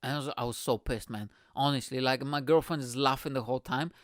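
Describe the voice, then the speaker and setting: A man's voice: mid-range voice, fast talker, no echo, clean studio sound. Profane ranting male podcast host. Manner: animated, profane, slangy storytelling with frequent "bro". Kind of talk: casual ranting monologue.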